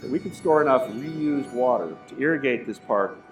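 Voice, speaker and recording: A man's voice: medium pitch, expressive, moderate pace. A man explaining a water reuse plan in a matter-of-fact way. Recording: distant echoey voice over music.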